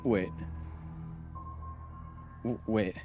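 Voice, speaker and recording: A man's voice: fairly low pitch, fairly even intonation, drawn-out words, music in the background. Chatty man streaming a game. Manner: chatty, reads and answers viewer comments aloud; explains science casually while playing. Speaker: science streamer playing a video game. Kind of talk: live gaming stream commentary.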